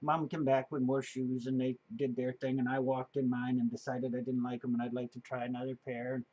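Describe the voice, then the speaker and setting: A man's voice: mid-range voice, level tone, fairly quick, mellow, dull audio. A man in his fifties telling a personal story in a casual, rambling way, with many fillers and chuckles. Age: 50s. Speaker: vlogger.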